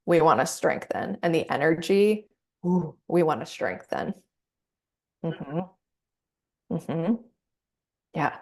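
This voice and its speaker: A woman practitioner guiding a client through a somatic coaching session, gentle and encouraging. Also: low-pitched, expressive, slow pace, pauses often. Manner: gentle, encouraging, acts out inner voices.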